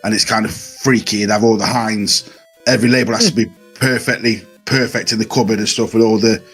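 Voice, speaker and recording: Man, husky and animated, telling rowdy stories on a casual podcast. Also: lowish voice, a little fast, faint music behind. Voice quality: husky, swears a lot, animated storytelling. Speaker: podcast co-host. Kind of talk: casual storytelling chat.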